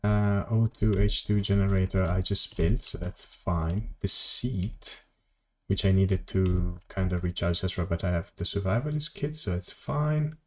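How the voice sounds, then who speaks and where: Deep-voiced man rambling over gameplay. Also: normal speed. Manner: rambling, self-correcting, reads chat. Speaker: streamer. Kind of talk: casual gameplay commentary. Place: home office.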